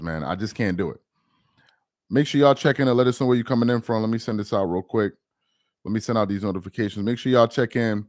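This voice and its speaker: A man's voice: fairly low pitch, fast, darkish tone, dry recording, studio quality. A man hosting a casual live stream, agitated, repeating himself and muttering while he searches. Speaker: livestream host.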